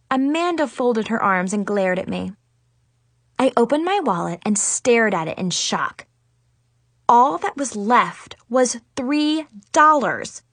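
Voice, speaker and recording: A woman narrating a first-person story in a dramatic, animated way with a teen-girl attitude. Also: fairly high pitch, slow, dry recording. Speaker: audiobook narrator.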